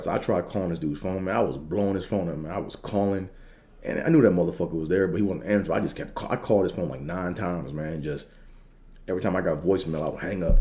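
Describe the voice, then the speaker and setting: A young man with a low, mellow voice spins a casual personal story on his podcast. He rambles loosely, leaning on slang and fillers as he talks. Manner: laid-back, rambling, lots of fillers and slang. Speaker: podcast host.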